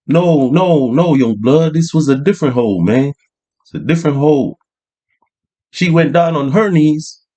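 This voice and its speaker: This is a rambling, boastful old street hustler, put on by a man. He talks in thick slang with his pitch raised above the speaker's usual voice. He exclaims often and keeps looping back on his own tale. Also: animated, measured pace, dark tone.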